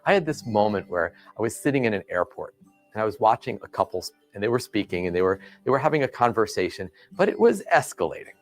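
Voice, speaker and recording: A man's voice: on the low side, fast talker, faint music behind. A man giving a training video lecture, telling stories and asking the listener questions. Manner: expressive storyteller, asks the listener questions.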